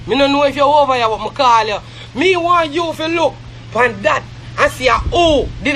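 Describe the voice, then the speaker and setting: A Jamaican man on a live stream, ranting angrily with shouting and heavy swearing. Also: very high voice, lively intonation, normal speed, a little hiss or hum. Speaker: social media live streamer. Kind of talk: angry live-stream rant.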